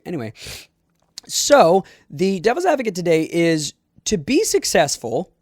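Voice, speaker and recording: A man's voice: fairly high pitch, animated, normal speed, no echo, studio quality. A young man hosting a solo podcast, talking in a casual, rambling way with fillers and little laughs. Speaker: podcast host.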